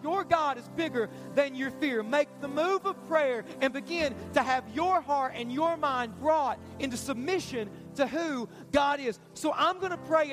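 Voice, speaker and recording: A pastor giving an urgent, repetitive altar call in a church sermon. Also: male voice, very high-pitched, a bit bright. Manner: urgent, repetitive, pleading preaching. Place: church stage.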